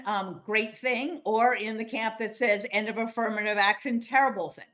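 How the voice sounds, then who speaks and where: A woman lawyer speaking as a guest on a political roundtable, making opinionated points in a measured way with frequent filler pauses. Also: fairly high pitch, a bit bright, lo-fi sound.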